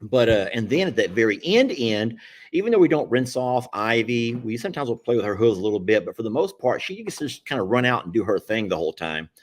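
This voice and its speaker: A man's voice: mid-range voice, big pitch swings, fast talker. A middle-aged man with a drawl hosts his live stream. He talks in a folksy, meandering way and chuckles often. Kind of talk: casual live-stream chat.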